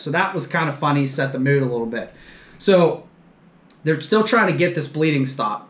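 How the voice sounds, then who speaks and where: A man's voice: fairly high pitch, brisk, echoey room. A man hosting a fishing show, telling a story casually and animatedly, mocking himself and acting out the dialogue. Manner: animated, self-mocking anecdote with quoted dialogue.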